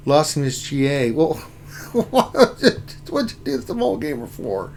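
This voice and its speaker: A man hosting a casual gaming livestream, talking through his game, with loud exclamations and laughter. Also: a little high, sing-song, measured pace, slight background noise. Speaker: livestream host.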